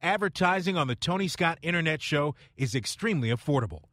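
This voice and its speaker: A man reading a scripted advertisement in an upbeat sales-pitch tone. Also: expressive, quick pace, fairly bright tone, no room sound, clean studio sound. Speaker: ad announcer.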